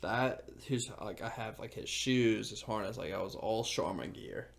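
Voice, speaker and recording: Gravelly young man chatting excitedly. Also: fairly low pitch, moderate pace. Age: 20s. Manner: rambling, full of "like" fillers, excitable. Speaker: podcast co-host. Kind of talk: casual chat.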